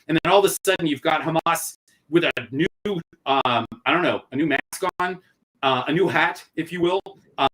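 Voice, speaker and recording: A man's voice: a little high, fairly bright tone, rough recording. A man hosting a policy podcast, asking questions in a wry, sardonic way. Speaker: host. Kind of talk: conversational podcast interview.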